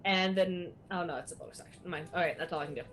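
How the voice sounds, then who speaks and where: A woman's voice: lowish voice, rapid-fire, a bit bright, slight background noise. A woman playing in a tabletop game, chatty and thinking aloud about the rules. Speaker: player. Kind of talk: casual tabletop play. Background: music.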